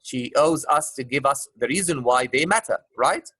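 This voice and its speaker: A man's voice: mid-range voice, animated, moderate pace, pushed and bright, breathy edge, no room sound. A male teacher leading an online class discussion, who keeps rephrasing his questions with plenty of filler uhs and calls his students love. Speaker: English teacher.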